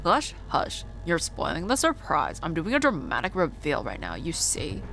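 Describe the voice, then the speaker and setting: A woman's voice: low voice, wildly swooping pitch, moderate pace, gravelly, fairly bright tone, soft background music, heavily acted. A woman voicing a smug, theatrical robot replicator villain who mocks and shows off. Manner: mocking, showy, condescending.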